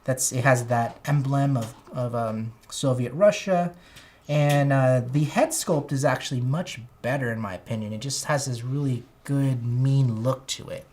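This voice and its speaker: A man with a high-pitched, whiny voice, rambling enthusiastically as he chats casually on a toy unboxing livestream. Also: measured pace, darkish tone. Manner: rambling, enthusiastic, self-correcting. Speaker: toy collector streamer.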